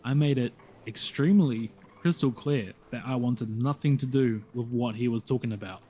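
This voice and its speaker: A man playing a roleplay character who insists he did nothing wrong while trying to calm an angry man, calling him "bro". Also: medium pitch, moderate pace. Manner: placating, insistent, calls others "bro". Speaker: roleplay character accused of provoking a fight.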